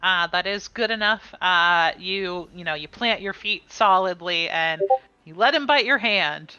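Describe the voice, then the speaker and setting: A woman's voice: on the low side, measured pace, bright, forceful tone, clean tone, dry recording, lo-fi sound. A woman running a tabletop game as game master, calling rolls and describing attacks with small laughs. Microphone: streaming mic.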